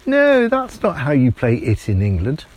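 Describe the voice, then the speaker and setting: A man voicing an excitable young English boy who talks in a high, eager, bewildered way. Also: normal speed.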